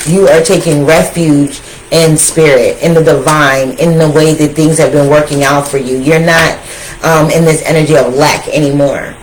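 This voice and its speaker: A woman giving a casual tarot reading, talking straight to her viewers in an animated, slangy way that repeats phrases for emphasis. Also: sits low, normal speed, a little hiss or hum, low-quality recording. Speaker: tarot reader.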